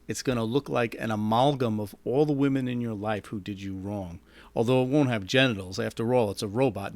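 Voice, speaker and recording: Brief: man reading his own story into a mic, deadpan, darkly comic, dry sound. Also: mid-range voice, no room sound. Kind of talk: reading a short story aloud. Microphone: microphone.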